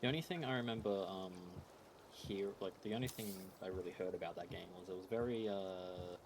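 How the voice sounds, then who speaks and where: Man chatting casually over loud noise. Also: low voice, brisk. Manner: hesitant, many fillers. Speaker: co-host streamer. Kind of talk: casual stream chat.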